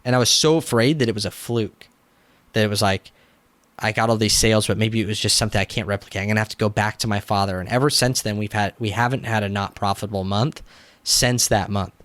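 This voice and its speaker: A young man, a business coach, telling his story in a casual interview, animated, acting out quotes and using "like" often. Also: on the low side, fast, no echo. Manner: animated, acts out quotes, frequent "like" fillers.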